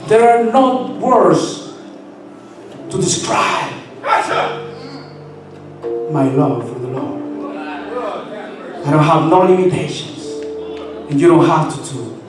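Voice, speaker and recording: A man preaching a sermon as a minister, impassioned and building to shouted praise. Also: mid-range voice. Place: church sanctuary. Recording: echoey church from far off with music.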